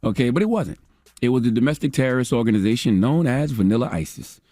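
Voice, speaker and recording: A man's voice: animated, quick pace, warm tone, no room sound. A man hosting a radio show, delivering a sarcastic, emphatic commentary segment into a studio mic. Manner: sarcastic, emphatic, rising pitch on punchlines. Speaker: radio host.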